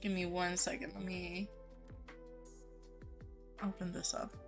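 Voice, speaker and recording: A woman's voice: on the low side, level tone, takes it slowly, soft background music. A young woman live-streaming a game, chatting casually with viewers, greeting them by name and gushing over cute things.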